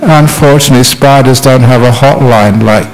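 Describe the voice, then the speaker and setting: A man's voice: mid-range voice, normal speed, rough recording. A man giving a humorous Buddhist talk as a monk teacher, telling stories playfully with self-mocking humour.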